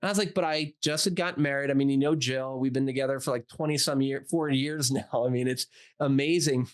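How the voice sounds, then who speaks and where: This interview guest is a doctor in his forties sharing a personal anecdote. He's relaxed and lively, voices the dialogue he quotes, and scatters "like" throughout, all at a quick pace and medium pitch.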